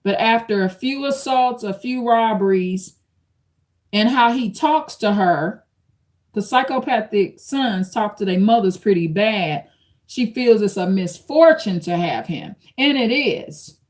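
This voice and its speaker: A woman's voice: mid-range voice, animated, measured pace, darkish tone. Woman, live-stream host, reads quotes aloud, talks to viewers as y'all. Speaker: channel host reacting to an article. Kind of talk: live-stream commentary reading an article.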